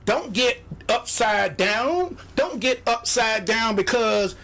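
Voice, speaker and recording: A man with a strikingly high-pitched voice gives a motivational sales pep talk as a radio show host. He exhorts his listeners like a preacher, repeats phrases over and over, and mocks doubters in put-on voices. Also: slow pace, vocal fry, bright, forceful tone.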